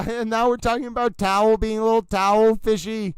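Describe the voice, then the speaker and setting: Male livestream host, theatrical and playful, with a smooth, resonant voice. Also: sits high, fairly even intonation, fairly quick, few pauses, no echo, poor audio. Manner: silly, theatrical, rambling, addresses "ladies and gentlemen".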